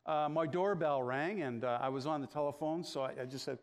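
A middle-aged pastor preaching in a relaxed, storytelling way, his speaking voice sitting a touch higher than most men's. He talks, pausing on "uh" as he works his way toward the point. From Canada. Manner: storytelling, frequent "uh" fillers, acts out dialogue. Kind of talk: conversational sermon with anecdotes.

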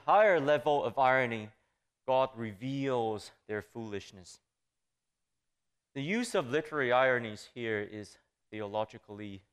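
A man preaching a sermon on scripture. He reads the verses aloud and lifts his pitch emphatically on the quoted lines. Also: smooth.

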